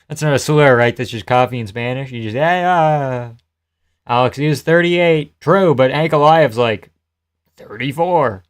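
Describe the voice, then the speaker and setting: A man's voice: medium pitch, measured pace. Joking, profane male streamer. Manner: loose, joking, profane, laughs often. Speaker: live streamer. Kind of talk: casual live fight commentary and chat reading.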